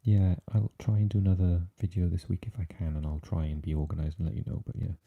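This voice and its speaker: A Welsh man hosting a whispered ASMR live chat, talking softly and haltingly with lots of fillers as he answers viewers. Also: sits low, little pitch movement, vocal fry, husky, narrow, tinny audio. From Wales. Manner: soft and halting, with many fillers, chatting with viewers. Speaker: ASMR livestream host.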